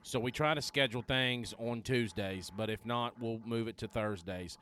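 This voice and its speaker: A man's voice: mid-range voice, moderate pace, fairly bright tone, slight background noise. A man, a podcast co-host chatting casually and rambling with fillers. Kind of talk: casual chat.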